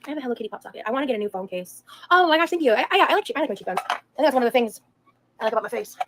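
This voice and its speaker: Very fast-talking chatty woman doing makeup. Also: sits high, animated, fairly bright tone. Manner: chatty, rambling, talks to viewers while doing makeup. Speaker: makeup streamer. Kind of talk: casual makeup live stream.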